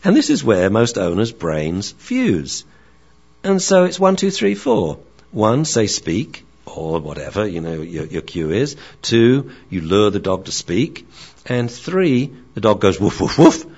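A man teaching dog training in a lecture, animated and acting out barks and dialogue. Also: fairly low pitch, slow pace, husky. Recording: dull lo-fi recording.

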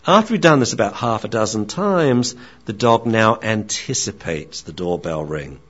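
Animated, low-voiced dog trainer man. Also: normal speed, husky. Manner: animated, acts out barks and dialogue. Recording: dull lo-fi recording.

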